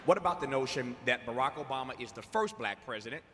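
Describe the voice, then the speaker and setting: A man's voice: mid-range voice, lively intonation, quick pace. A man moderating a round-table discussion, posing questions with a teasing edge. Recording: echoey hall with faint crowd and noise.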